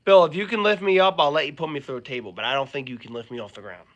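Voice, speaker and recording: A young man co-hosting a casual podcast, animated and doing impressions. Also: fairly high pitch, rapid-fire. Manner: animated, does voices and shouts. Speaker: podcast co-host. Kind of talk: casual chat.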